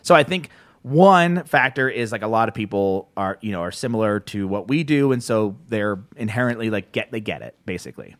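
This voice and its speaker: A man's voice: on the low side, a little fast, no echo. A man from New Jersey hosting a podcast, talking casually with lots of swearing and restarts. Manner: rambling, profane, animated, with many restarts. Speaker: podcast host. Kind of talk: casual chat.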